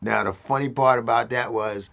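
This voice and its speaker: A man in his fifties, an interview guest telling a story in a lively, streetwise way, often acting out what other people said. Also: medium pitch, moderate pace, gravelly. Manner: lively, acts out quoted people in excited voices, streetwise slang. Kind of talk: animated storytelling.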